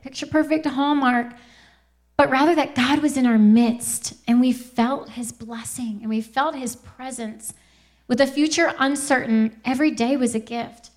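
A young woman giving a Christian testimony talk, earnest and quick to laugh, often quoting scripture. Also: high-pitched.

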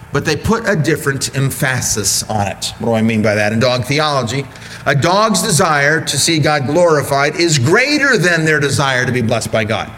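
Animated man preaching a sermon. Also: on the high side, a little hiss or hum. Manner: animated storytelling, acts out voices.

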